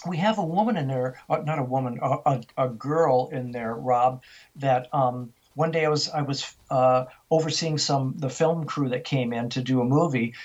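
Husky older man telling a story. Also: medium pitch, normal speed, dull audio. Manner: animated storyteller, frequent restarts and repetitions. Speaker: interview guest. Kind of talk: storytelling in a radio interview.

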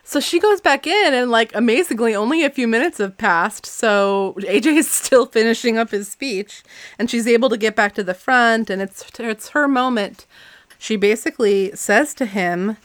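A woman's voice: fairly high pitch, moderate pace, dry recording, faint music behind. A woman hosting a casual podcast, chatting about a book series, laughing often and acting out scenes as she retells them. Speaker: podcast host recapping books.

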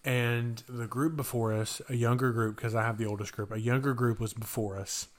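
A young man on a podcast telling a story the easy way, talk strung together with filler words. He jumps up high when he acts out shouting kids, then drops back to his plain mid-pitched voice. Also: steady tone, normal speed. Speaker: podcast co-host. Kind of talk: casual chat.

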